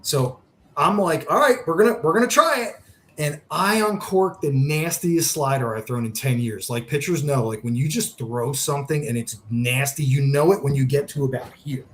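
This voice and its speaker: A man's voice: mid-range voice, moderate pace, slight background noise. A man telling a long sports story in a casual podcast chat, acting out what people said. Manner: animated storyteller, acts out quotes. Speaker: charity founder, guest.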